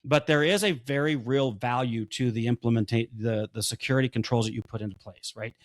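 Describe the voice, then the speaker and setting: A man hosting a podcast in a relaxed, joking way. His voice sits at a middle pitch and sounds close and dry, with no room echo. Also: fairly quick. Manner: relaxed, joking, runs the segments. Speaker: podcast host. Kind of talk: casual podcast chat.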